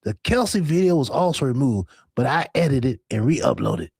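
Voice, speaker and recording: A man putting on a slow, exaggerated impression of a male streamer. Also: mid-range voice, big pitch swings, darkish tone, slightly rough, no room sound, studio quality. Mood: mocking.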